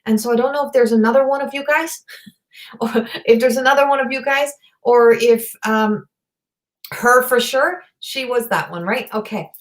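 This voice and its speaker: A woman giving a live online psychic reading. She talks in a halting, rambling way, full of fillers and restarts, and passes on messages in a direct, earnest manner. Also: fairly high pitch. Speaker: psychic medium. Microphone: video call or webcam.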